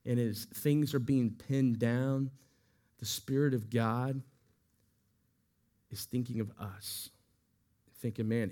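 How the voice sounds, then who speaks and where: A man preaching a sermon, his voice rising and swelling when he quotes scripture and falling soft at the ends of lines. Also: medium pitch. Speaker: pastor.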